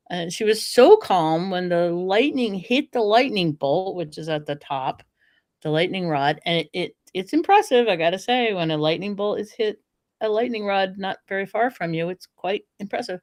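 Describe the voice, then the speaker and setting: A woman's voice: mid-range voice, moderate pace, no room sound, studio quality. A middle-aged woman, a dog trainer and author, telling stories in a casual conversation and acting out the voices of the people in them. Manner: animated storyteller who acts out quoted voices.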